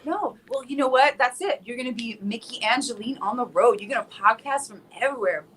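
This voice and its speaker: A woman's voice: on the high side, fairly quick, a crowd in the background. A young woman from South Florida, a guest singer-songwriter, chatting casually with lots of likes and restarts. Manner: animated storyteller, many likes and restarts. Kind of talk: casual chat.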